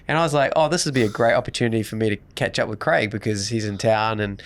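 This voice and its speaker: A man's voice: on the low side, quick pace. A man co-hosting a podcast, telling a long anecdote in casual chat and acting out the lines of the people in it. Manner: lively storyteller acting out quoted dialogue. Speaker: podcast co-host.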